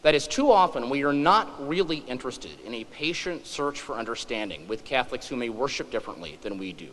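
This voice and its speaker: Middle-aged man, speaker, animated storytelling, lively pitch, echoey hall. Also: brisk. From western Kansas, USA. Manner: animated, joking, emphatic asides. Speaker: conference speaker. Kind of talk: humorous storytelling speech.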